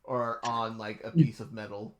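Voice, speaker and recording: A man's voice: lowish voice, level tone, normal speed, fairly bright tone. A man narrating as game master of a tabletop game, casually describing scenes.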